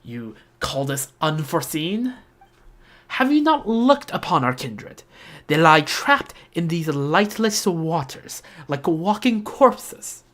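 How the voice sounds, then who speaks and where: A woman's voice: low voice, measured pace. A woman voicing a haughty, ancient male villain in a mildly posh, pompous tone for a game read-along. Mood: grandiose.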